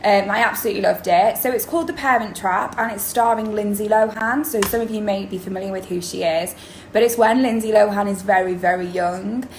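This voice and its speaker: A woman's voice: mid-range voice, fairly quick. A woman drama teacher, explaining in a chatty video lesson with many ums. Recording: roomy echo, faint background noise.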